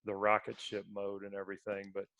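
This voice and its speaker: A man co-hosting a sports podcast tells a story in casual chat, laughing as he talks, while feeling sick. His voice is on the low side, monotone and slightly fast, with a bright, forceful tone and slight background noise.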